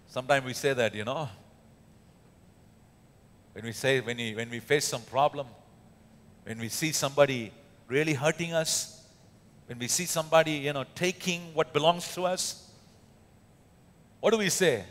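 A man's voice: medium pitch, moderate pace, long pauses, a bit bright. A man with an Indian accent preaching a sermon as pastor, emphatic, with many fillers and rhetorical questions. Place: church hall. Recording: echoey church hall.

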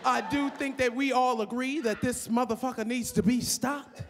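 A woman's voice: a little high, steady tone, normal speed, noisy background, voice pushed down, lightly acted. A woman voicing a male bear who formally opens a secret meeting of animals. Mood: solemn. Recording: live club, audience laughter.

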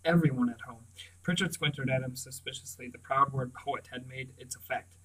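A man reading a novel aloud in a steady, measured storybook narration. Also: medium pitch, slightly rough, recorded from a distance, rough recording. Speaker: audiobook reader.

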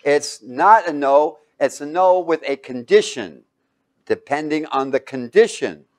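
A man's voice: a little high, animated, unhurried. A man teaching a Bible class, quizzing his students with fill-in questions and breaking into sudden exclamations.

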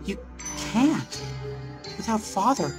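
A man's voice: high-pitched, sing-song, takes it slowly, over music, pitched above the performer's own voice, heavily acted. A man voicing a little girl who begs her parents not to leave her, reading the lines in a raised, pleading voice.

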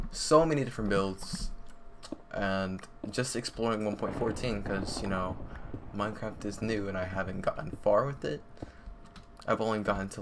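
A young man giving casual, excitable gameplay commentary at home, full of slang, talking to himself and his viewers. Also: lowish voice. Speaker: gaming YouTuber. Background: computer fan noise and keyboard clicks.

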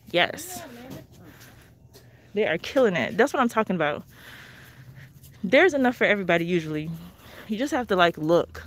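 Chatty woman vlogging live in a store. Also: mid-range voice. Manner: chatty, addresses viewers as y'all. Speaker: couponing vlogger. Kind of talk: live shopping vlog. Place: inside a discount store. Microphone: phone held while walking. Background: faint store noise.

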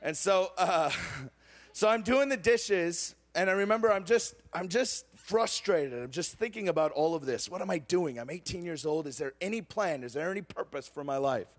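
Young man, preacher, storytelling sermon, emotional swings, slightly high voice. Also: animated, normal speed.

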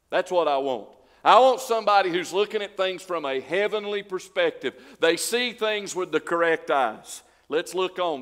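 Preacher guy in a church, kinda high voice, lots of echo, asks the crowd question after question. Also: fairly bright tone. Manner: preaching with rhetorical questions, swelling and dropping in volume. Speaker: pastor. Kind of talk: sermon. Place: church sanctuary.

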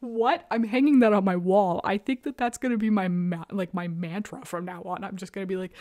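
A young woman in her own show talks through a story at a lively, exasperated clip and breaks into laughter often. Her voice sits in a middle register. The sound is close and dry, with no room around it. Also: mid-range voice, normal speed, no echo. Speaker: show host. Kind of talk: casual recap chat.

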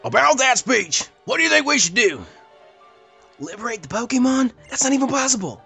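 A man's voice: very high voice, lively intonation, fairly quick, vocal fry, pushed and bright, slightly rough, faint music behind, voice pushed up, heavily acted. A man voicing a male country townsperson with an exaggerated drawl. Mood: puzzled.

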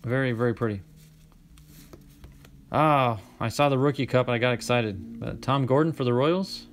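A man's voice: medium pitch, normal speed, slight background noise. Chatty man opening cards. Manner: chatty, reads names aloud, bursts of excitement. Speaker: card-collecting channel host. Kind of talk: casual card-opening commentary.

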